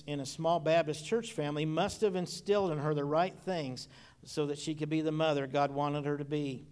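A middle-aged male pastor delivering a sermon in a homespun storytelling manner. His voice sits a little higher than most men's, and he leans on repeated phrases as he recalls family memories.

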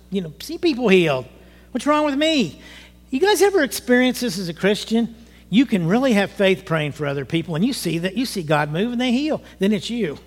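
Older male pastor in his sixties, high voice, conversational testimony-style sermon in a reverberant church sanctuary. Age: 60s. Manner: conversational, rising to emotional outbursts, asks the congregation questions. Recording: long hall reverb.

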